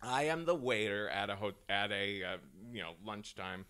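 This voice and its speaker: A man's voice: fairly low pitch, normal speed, smooth. A man, a comedian guest on a podcast, telling a story casually with lots of restarts, laughs and swearing. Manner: animated, restarts a lot, swears, laughs often.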